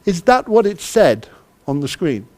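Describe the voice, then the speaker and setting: High-voiced man running an interactive workshop. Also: very animated, unhurried, darkish tone. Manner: quizzes the audience and acts out little dialogues. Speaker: conference speaker, project manager.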